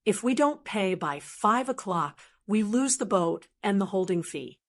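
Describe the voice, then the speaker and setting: Woman reading as a shouty bullying adult son, blustering, kinda high and loud. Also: animated, unhurried. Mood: pleading. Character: furious grown son, shouting and demanding.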